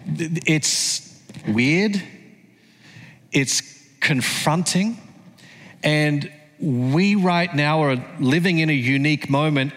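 A man's voice: on the high side, a bit bright. An Australian man in his forties preaching a sermon, telling his story earnestly and building to emphatic peaks. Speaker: pastor. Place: large church hall. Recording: long hall reverb.

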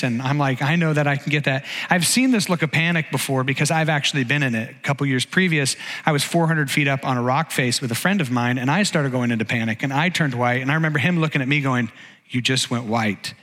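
A middle-aged man, giving a sermon as a conversational, animated story, often restarting his sentences. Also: medium pitch, quick pace. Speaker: pastor giving a message. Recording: long hall reverb.

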